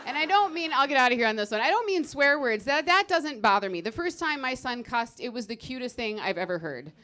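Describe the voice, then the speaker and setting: A woman working a stand-up set on stage, talking in a brash, punchy way. Her voice sits a touch high for a woman, and she keeps a casual, conversational delivery. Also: animated, a little fast, pushed and bright. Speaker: stand-up comedian.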